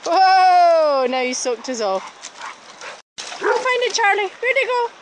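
A woman filming her dogs by a river in the woods and chattering to them in an excited, cooing running commentary on a handheld camera. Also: extremely high pitch, moderate pace. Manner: excited, coos and calls to the dogs. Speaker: dog daycare owner walking dogs. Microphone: handheld camera she is filming with. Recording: noisy outdoor river recording.

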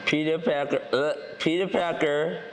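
A man's voice: a little high, steady tone, moderate pace, music in the background. A man playing as a game contestant, hesitant and stumbling over words, laughing at his own mistakes.

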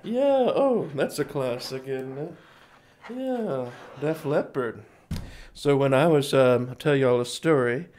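A man's voice: medium pitch, expressive, slow, darkish tone. A man in his forties hosting a music livestream, chatting casually between songs in a folksy, rambling way and calling his viewers folks. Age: 40s.

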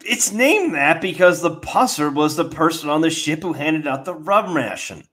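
A man's voice: on the high side, sing-song, moderate pace, a bit bright. An American man co-hosting a podcast who explains things bluntly and casually, with some profanity. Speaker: podcast co-host. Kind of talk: casual chat.

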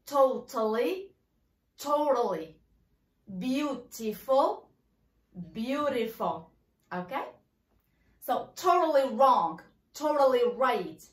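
Woman teacher, bright high voice, very animated, roomy echo. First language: Arabic. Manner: slow, stressed model pronunciations of words. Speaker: English teacher. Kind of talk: bilingual language lesson.

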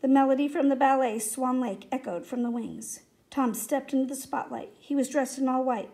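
A woman reading a children's story aloud in a steady, expressive way. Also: high voice, normal speed. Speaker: reader.

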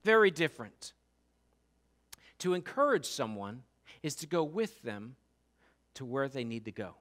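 Male pastor, casual sermon delivery, acts out quotes, punches repeated words loudly. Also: medium pitch, big pitch swings, unhurried. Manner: conversational preaching with acted-out quotes and rising emphasis. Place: church sanctuary.

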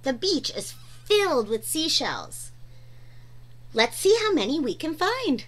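High sing-song woman reading aloud. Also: big pitch swings, slow. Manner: gentle, sing-song, talks to her own dog between pages. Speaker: storyteller. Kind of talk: children's read-aloud.

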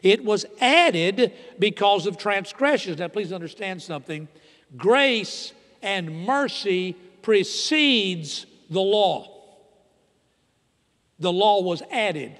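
A middle-aged man preaches from the pulpit, dropping into hushed, intimate asides and then rising into loud, emphatic declarations. His voice sits high for a man. The sound carries the long reverb of a church sanctuary. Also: lively intonation, takes it slowly. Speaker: pastor. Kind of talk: sermon.

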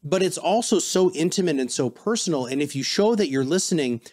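A man with a slightly high voice tells stories on a podcast as a guest. He is animated and acts out the people he quotes. His talk stays casual and conversational throughout. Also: a little fast. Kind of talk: casual interview storytelling.

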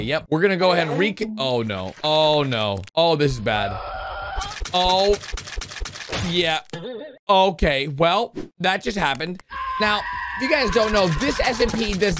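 This is an excitable man giving running commentary over animated game clips for his viewers. His voice sits high and jumps wildly up and down. A steady hiss of background noise runs under him. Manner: excitable, keeps gasping "oh no" and calling viewers "dudes". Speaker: gaming video host.

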